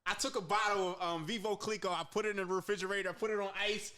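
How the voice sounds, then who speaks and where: A man on a podcast as a guest, casually and excitedly recounting sports bets. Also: high voice, fast. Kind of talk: casual chat.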